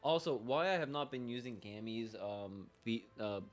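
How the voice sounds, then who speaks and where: A man streaming a video game, rambling through casual commentary, excitable and swearing freely. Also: mid-range voice, moderate pace, faint music behind.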